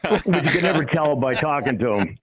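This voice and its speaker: A man's voice: a little high, lively intonation, a little fast, fairly bright tone, rough recording. A middle-aged man from Cleveland, a former pro football player, telling stories as a guest in a casual chat and laughing often at himself. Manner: storytelling, self-deprecating, laughs often.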